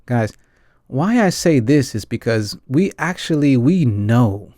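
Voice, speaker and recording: With a dark, mid-range voice, a US film chat host speaks very animatedly but slowly. He's earnest and rambling in this casual reflective talk, repeatedly asking his audience "right?" and addressing them as "guys," and the studio-quality audio has no room sound.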